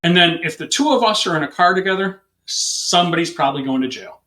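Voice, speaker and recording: Quick and high-voiced, a police officer recounts an anecdote during an interview in an echoey room. He tells it with liveliness and in a casual way, acting out the characters involved.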